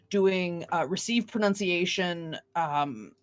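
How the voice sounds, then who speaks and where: A woman's voice: mid-range voice, normal speed. A woman co-hosting a podcast in casual chat, talking with chatty enthusiasm. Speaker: podcast co-host.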